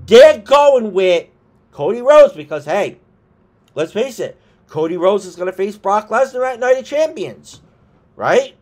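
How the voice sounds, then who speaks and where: A man's voice: sits high, very animated, unhurried. A man ranting casually on his wrestling vlog, swearing and talking through exasperated asides while he has the hiccups. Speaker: wrestling commentator vlogger.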